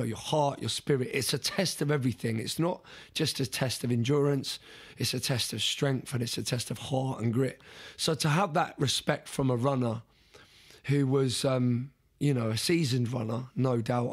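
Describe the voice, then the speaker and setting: A man's voice: medium pitch, slightly rough. A young man, a podcast guest, telling an earnest story in conversation, often restarting and repeating words.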